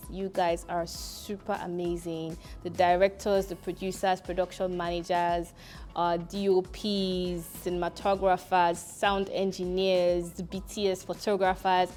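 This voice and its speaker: A woman co-producer speaking excitedly and casually about a production. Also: lowish voice. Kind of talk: casual talk to camera.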